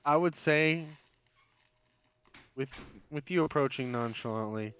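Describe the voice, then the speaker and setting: A man's voice: mid-range voice, unhurried, fairly bright tone, clear, resonant tone. A man narrating as game master in a tabletop role-playing game.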